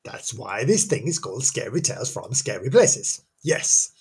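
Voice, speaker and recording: A man with a slightly husky voice hosts a jokey ghost-story podcast. He rambles along with lively ups and downs in pitch, tripping over and repeating words as he mocks himself. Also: normal speed. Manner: chatty, self-mocking, stumbles and repeats words. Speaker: podcast host.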